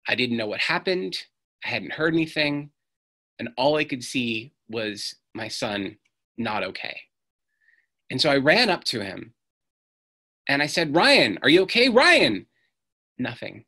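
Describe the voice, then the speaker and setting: On stage, a middle-aged speaker earnestly tells stories, performing the voices of the people he quotes. His voice is sharp in tone and medium in pitch.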